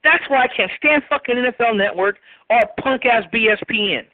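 A man's voice: very high-pitched, a little fast, dry recording. A male caller ranting indignantly and with lots of swearing in a voicemail. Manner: indignant, profane rant. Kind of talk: angry fan voicemail. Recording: tinny phone line.

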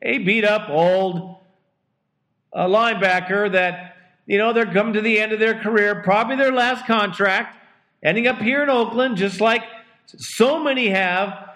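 Male show host, relaxed and wry, higher voice, slow delivery. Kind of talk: casual fan-show commentary.

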